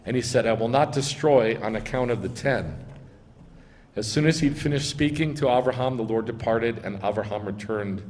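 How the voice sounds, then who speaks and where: In the big-room sound of a synagogue sanctuary, a man from the United States speaks in a mid-range voice as a rabbi. Reading passages of scripture, he debates what they mean and lifts his voice on the important lines.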